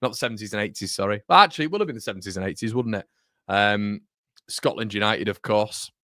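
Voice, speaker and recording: A fast-talking fan channel host with a lowish voice sounds pushed and bright as he chats through his livestream. He reads comments, rambles, corrects himself along the way, and keeps calling people "mate." The recording is clean studio sound with no room noise.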